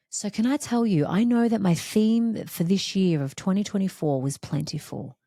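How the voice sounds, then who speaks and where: A woman's voice: lowish voice, normal speed, warm tone, dry recording, clean studio sound. A woman hosting a reflective solo podcast, talking in an emphatic, repetitive, heartfelt way. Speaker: podcast host.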